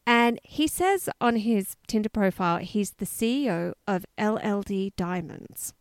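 A woman's voice: medium pitch, expressive, measured pace, no room sound, studio quality. A woman co-hosting a podcast, chatting casually and telling a story with lots of asides. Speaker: podcast co-host.

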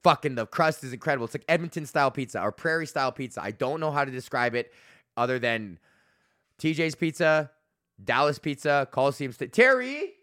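Bright, slightly high-voiced man, solo host, rambling and profane, dry close mic. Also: brisk, dry recording. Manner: profane, rambling storytelling with lots of fillers. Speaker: podcast host and comedian.

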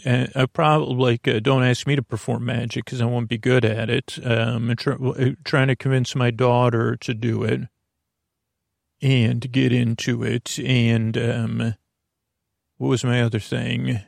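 Gravelly, rambling man hosting a podcast. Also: medium pitch, no room sound, clean studio sound. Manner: digressive, full of restarts and asides. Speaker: podcast host. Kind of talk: rambling, meandering podcast monologue.

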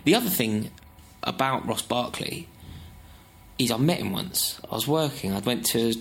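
A man's voice: mid-range voice, gravelly. A man co-hosting a football podcast, teasing and laughing through casual banter. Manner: animated, teasing, quick to laugh. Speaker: podcast co-host.

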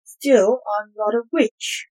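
A woman voicing a calm, dryly amused male warlock in a read-aloud story. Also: fairly high pitch, slow, voice pushed up, rough recording.

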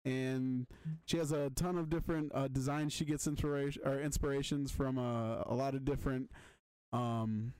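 A man's voice: medium pitch, fairly even intonation, normal speed, a little mellow, roomy sound, recorded from a distance. A man co-hosting a casual podcast, rambling loosely with lots of ums and restarts. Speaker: podcast co-host. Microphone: close desk mic.

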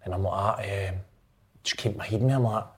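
Man, Scottish accent, former footballer, casual storytelling, animated quotes. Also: lowish voice, fairly quick, husky. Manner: animated, acts out quotes, laughs while telling.

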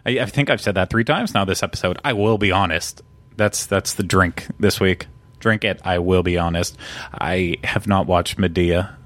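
A man's voice: low-pitched, normal speed, a bit bright, no echo. A man hosting a podcast, chatting casually and poking fun at himself, with lots of restarts. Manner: self-deprecating, rambling with restarts. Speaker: podcast host. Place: studio.

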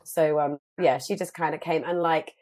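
A woman in her thirties, a guest telling a story in animated casual chat, full of fillers. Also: low-pitched, normal speed.

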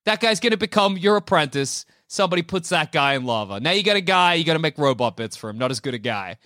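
A man's voice: a little high, sing-song, fast, bright, forceful tone, no echo. An Australian man hosting a podcast in casual comedic chat, laughing and riffing, on a dry close mic. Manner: laughing, riffing, jumps into silly voices. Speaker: podcast host.

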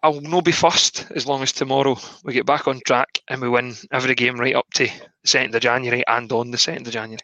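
A man, co-hosting a casual football podcast, animated and opinionated. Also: mid-range voice, fast, hardly any pauses, no room sound, low-quality recording. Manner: animated, opinionated, restarts often. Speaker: podcast co-host.

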